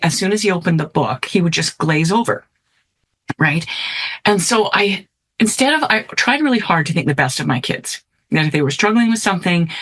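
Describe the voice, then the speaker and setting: A woman's voice: on the low side, fairly bright tone. A middle-aged woman, a podcast guest, tells a personal story earnestly and reflectively, often checking in with "right?". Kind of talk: storytelling in conversation.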